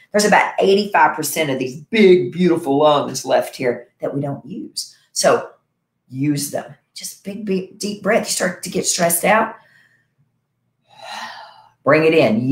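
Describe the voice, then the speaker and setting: Low-voiced woman coaching in an echoey room. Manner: upbeat coaching, frequent "right?" and "all right". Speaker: wellness show host and health provider. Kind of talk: casual talk to viewers. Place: her home.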